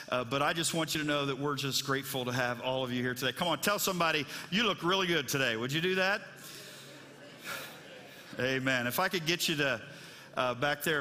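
A man's voice: medium pitch, sharp tone. A middle-aged man preaching a sermon as pastor, telling folksy stories with lots of fillers. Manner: folksy, chatty storytelling with many fillers. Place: church sanctuary. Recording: long church reverb.

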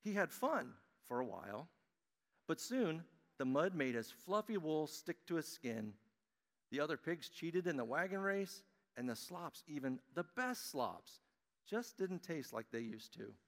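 A man giving a children's message in church, reading a storybook aloud to children in a friendly, animated way. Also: a little high, a little slow. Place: church sanctuary. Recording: long church-hall reverb.

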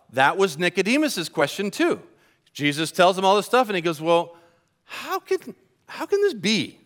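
A man preaching a church sermon in an animated way, slowing down to stress key points. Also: high-pitched. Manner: animated preaching, slows for emphasis. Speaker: pastor. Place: church service.

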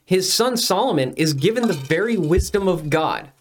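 Measured, teacherly male Bible co-host. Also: high-pitched, expressive, a little hiss or hum. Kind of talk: casual Bible discussion.

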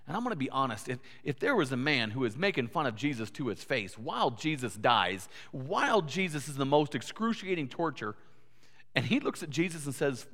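A man's voice: mid-range voice, big pitch swings, brisk, fairly bright tone. A man preaching a sermon as pastor, earnest, building to emphatic peaks and often repeating words. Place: church sanctuary. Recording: long church hall reverb.

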